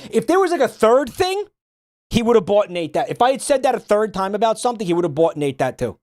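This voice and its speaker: A man's voice: sits high, sing-song, fast talker, darkish tone, no echo, clean studio sound. A man streaming, chatting casually and swearing freely, often breaking into laughter. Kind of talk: casual chat reacting to a game.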